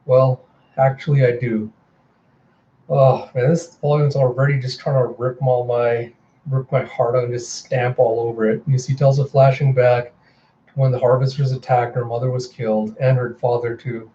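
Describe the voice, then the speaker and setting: Chatty man reviewing a comic, mellow, slightly dull home recording with a fan humming behind. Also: medium pitch, moderate pace, slight background noise. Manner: chatty, animated retelling. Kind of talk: casual readthrough narration. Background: fan running.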